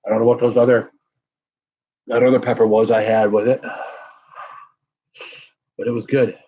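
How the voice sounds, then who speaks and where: Husky man blowing through chili burn. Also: medium pitch, little pitch movement, normal speed, highs cut off. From United States. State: mouth burning from hot peppers. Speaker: live-stream pepper challenge host. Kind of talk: casual live-stream chat.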